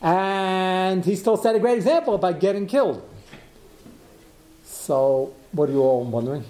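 Brief: male Torah teacher, fairly high mellow voice, thinking aloud through a Talmud lecture with rhetorical questions. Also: measured pace. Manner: thinks aloud, asks rhetorical questions, mixes Hebrew terms.

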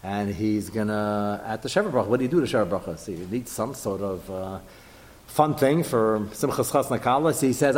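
A man giving a lively Torah class to a group, jumping his pitch up to act out quoted lines. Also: a little fast, big-room sound.

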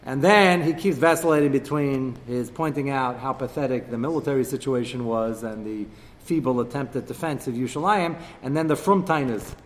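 A man's voice: medium pitch, fairly quick, long reverb tail. A man teaching a text-study class, acting out quoted speakers with sarcastic asides. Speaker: Torah teacher.

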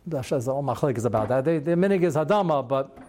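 A man teaching a Talmud class as a rabbi, chatty and animated, sprinkling his talk with Hebrew and Yiddish terms. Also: medium pitch, fast. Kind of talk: Talmud class lecture with storytelling.

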